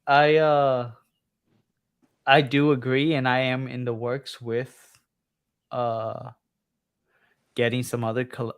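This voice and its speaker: A man's voice: mid-range voice, level tone, takes it slowly, pauses often, clear, resonant tone. Tired New York man hosting a livestream; rambling, filler-heavy casual chat. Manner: rambling, many fillers and restarts. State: tired, late at night. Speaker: livestream host.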